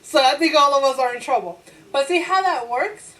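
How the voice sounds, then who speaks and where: A woman teacher giving a lively classroom lecture. She acts out her own inner voice in quotes, asks the class rhetorical questions and laughs easily. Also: high-pitched, brisk, low-quality recording.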